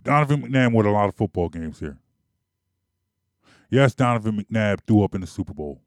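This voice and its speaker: A man's voice: medium pitch, big pitch swings, normal speed, pauses often, a little mellow, no echo, studio quality. Emphatic man ranting about sports. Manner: emphatic, repetitive, argumentative. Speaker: sports commentator. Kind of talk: opinionated sports monologue.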